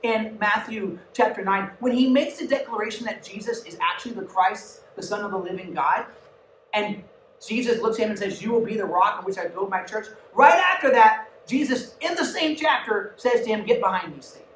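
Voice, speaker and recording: A woman's voice: medium pitch, normal speed, slight background noise. A woman giving a youth sermon in a church, talking casually and with energy, with asides to her listeners. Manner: conversational and animated, with asides to the audience. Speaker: youth pastor. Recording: echoey room, mic at a distance.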